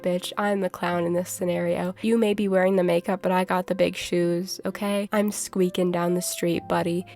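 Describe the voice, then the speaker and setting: A woman's voice: mid-range voice, a little mellow. Nasal woman ranting over gameplay. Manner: dramatic, profane, rambling rants. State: voice wearing out. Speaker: gaming channel host. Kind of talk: casual gameplay commentary.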